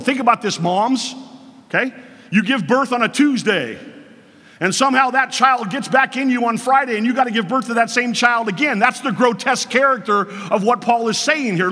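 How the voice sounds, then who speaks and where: A man's voice: sits high, animated, moderate pace, bright, forceful tone, husky, big-room sound. A man preaching a sermon to his congregation as pastor, earnest and emphatic, speaking straight to the listeners.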